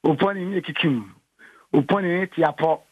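A man calling in to a radio show, sending greetings and praise in an excitable way. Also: a little high, normal speed, breathy edge, no room sound, highs cut off. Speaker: caller.

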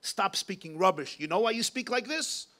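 A man's voice: sits high, animated, moderate pace, pushed and bright. A man voicing a stern, pious old father who scolds his son dismissively. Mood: scolding.

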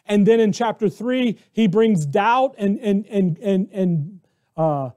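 An American man preaching a conversational, animated sermon who acts out the voices of biblical characters. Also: high-pitched, slow. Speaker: pastor.

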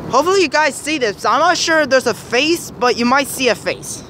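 A young man with a high, light voice narrates a handheld vlog while walking a snowy city street. He rambles cheerfully and often stalls to search for words. Traffic and street noise run loudly behind him. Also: expressive, moderate pace. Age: young adult. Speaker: vlogger filming his family walk. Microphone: handheld camera.

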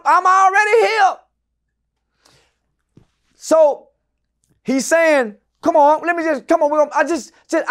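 High-voiced, profane middle-aged man. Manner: profane, loud, acts out the people in his story. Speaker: guest. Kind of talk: animated storytelling in a casual interview.

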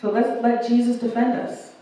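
A woman's voice: on the high side, little pitch movement, normal speed, mellow. Young woman preaching in an echoey church. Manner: earnest, storytelling, acts out quoted voices. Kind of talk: sermon with personal story. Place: church hall. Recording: echoey church room, mic at a distance.

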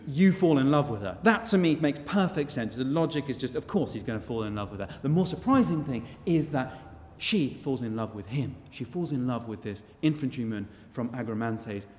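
A man's voice: medium pitch, lively intonation, moderate pace, a little mellow, a little hiss or hum. Guy telling a story live, wry and chatty, mid voice, long church echo.

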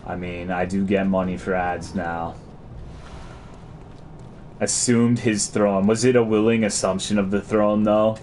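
A man's voice: fairly low pitch, fairly even intonation, a little slow, long pauses, darkish tone, a little hiss or hum. A man streaming a game, chatting casually and crudely as he reads and answers his chat.

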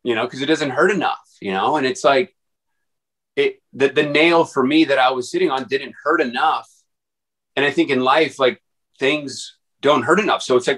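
A man's voice: medium pitch, fairly bright tone, low-quality recording. A man guest on an interview podcast, telling his story casually in a rambling way with many fillers and restarts. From Texas.

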